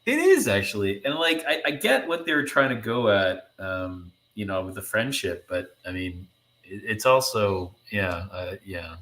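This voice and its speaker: A man's voice: lowish voice, lively intonation, a little slow, fairly bright tone, low-quality recording. A man co-hosting a comic-book podcast, chatting casually in a hesitant, agreeable way. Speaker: podcast co-host. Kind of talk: casual chat while reading a comic aloud.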